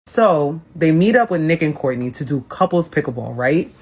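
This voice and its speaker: A woman's voice: deep voice, lively intonation, moderate pace, darkish tone, breathy edge. Woman ranting through a tv recap, sassy, exasperated, cusses a lot. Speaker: host. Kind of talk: casual live recap chat.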